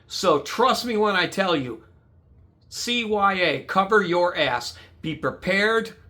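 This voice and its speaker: Man, bright high voice, blunt angry storyteller, swears freely. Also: animated, takes it slowly. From United States. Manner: blunt, heavy swearing, re-enacts dialogue. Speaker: guest telling his story.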